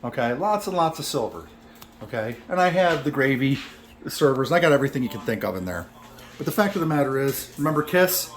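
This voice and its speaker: A man's voice: medium pitch, animated, fast talker. Brash joking man in a home kitchen. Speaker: home cook vlogger. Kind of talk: casual cooking vlog.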